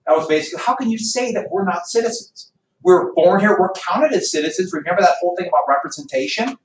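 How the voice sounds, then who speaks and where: A man's voice: high voice, animated, fast talker. A male history teacher lecturing a class in a chatty, teasing way. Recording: echoey classroom from far off, faint noise.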